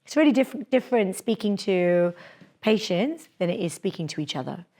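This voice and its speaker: A woman's voice: mid-range voice, moderate pace. Chatty woman leading a workshop. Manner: lively, chatty, laughs often, acts out quotes. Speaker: dentist leading a public speaking workshop. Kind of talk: live workshop lecture. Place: lecture room with an audience.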